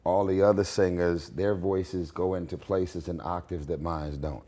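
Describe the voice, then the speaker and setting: A man with a raspy voice giving blunt, confident opinions in a candid interview at his home. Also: low voice, steady tone, a little slow, dark tone. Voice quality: raspy, gravelly voice. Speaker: interview guest, singer.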